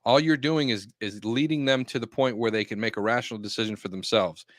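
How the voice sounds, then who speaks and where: A man's voice: mid-range voice, brisk, no echo. Direct man with a dry close sound. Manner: direct, matter-of-fact, laughs easily. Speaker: podcast co-host, real estate agent. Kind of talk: casual chat and advice.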